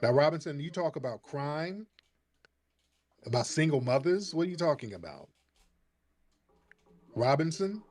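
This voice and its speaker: A man's voice: fairly high pitch, big pitch swings, measured pace, pauses often, a little mellow. Combative man hosting a call-in show. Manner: combative, mocking, talks over the caller. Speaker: host. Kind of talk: heated call-in debate.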